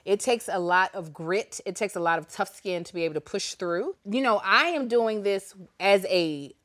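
A woman hosting a casual crafting and cocktails chat, teasing her guest and breaking into loud laughing outbursts. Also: moderate pace. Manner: playful, teasing, bursts into high laughing outbursts. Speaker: host.

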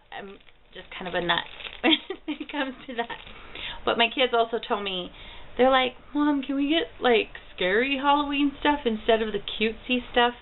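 A woman in her thirties vlogging at home, gushing in a bubbly, easily delighted way over a package of gifts. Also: mid-range voice. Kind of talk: casual mail haul vlog. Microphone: built-in camera mic. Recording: tinny lo-fi camera audio with faint hiss.

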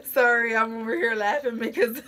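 Wearing a face mask, a young woman beauty vlogger casually reacts to a movie and to comments from her chat, giggling often. She talks at a normal speed in a bright, forceful voice that sits on the high side with a steady tone.

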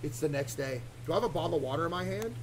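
A man streaming a horror game, excitable and stammering as he talks to his chat. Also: fairly high pitch, very fast, noisy background. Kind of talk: live horror gameplay commentary.

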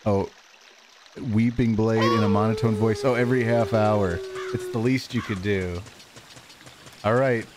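This streamer talks casually with his viewers while playing a video game, reading chat aloud and answering in a relaxed manner. His voice is on the low side at normal speed, with game music and heavy background noise.

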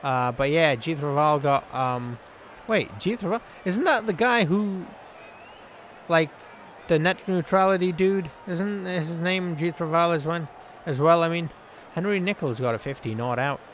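A man giving casual, joking commentary over his own video game play, yelling at the players on screen. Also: a little high, measured pace, slight background noise. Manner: excitable, jokey, scolds the game's players aloud. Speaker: gaming channel host.

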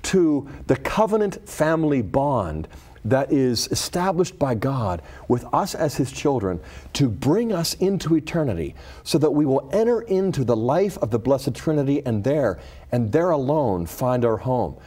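A man teaching a Bible lesson, retelling a scripture story in an expressive, dramatic storytelling way. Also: medium pitch, unhurried, husky.

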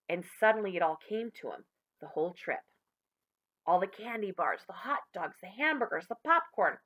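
Bright-voiced woman reading to children. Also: mid-range voice, moderate pace. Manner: warm, expressive storyteller addressing children. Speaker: teacher reading aloud to children. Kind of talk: children's story read-aloud.

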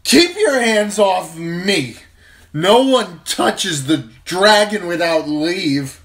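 Drunk exiled king, much higher than his own voice, loud, slurred, slow, shrill. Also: expressive, exaggerated voice. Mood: drunken rage. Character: drunken arrogant young exiled king, male.

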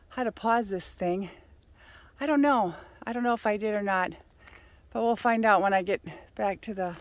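Out on a hill trail, a woman vlogger talks casually to her phone camera while hiking uphill. She's out of breath and rambling, and calls to her dog with high shouts.

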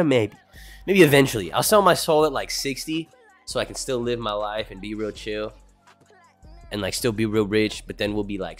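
A young man livestreaming, chatting casually with his viewers in a laid-back, rambling way and swearing a lot. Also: lowish voice. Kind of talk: casual stream chat, answering chat.

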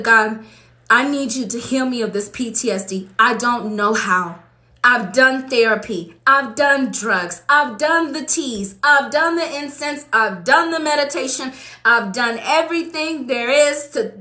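A woman's voice: on the high side, a little slow, pushed and bright. A woman preacher from Los Angeles giving a fervent, conversational testimony sermon to her congregation in a church. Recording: echoey room.

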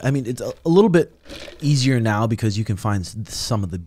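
A man hosting a casual podcast chat, asking questions in a jokey, animated way. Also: medium pitch, quick pace. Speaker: podcast host.

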